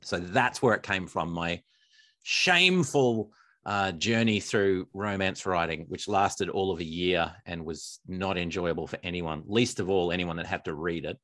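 An Australian man with a very deep voice chats as an interview guest, rambling and poking fun at himself. The sound is close and dry, with no room around it. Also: a little slow, a bit bright, no echo. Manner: self-deprecating, rambling. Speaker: author and musician guest. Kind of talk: casual interview chat.

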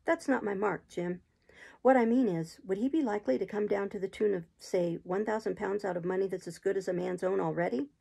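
A woman voicing a wild, marooned old male sailor in an audiobook reading, talking in rough sailor's dialect, eager and sly. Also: mid-range voice, brisk, warm tone.

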